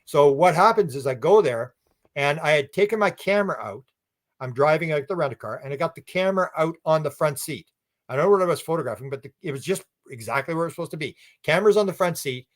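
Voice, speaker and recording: Man, interview guest, slightly high voice, animated, rambling, acting out quotes. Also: fast. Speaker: guest researcher. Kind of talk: storytelling in a conversational interview.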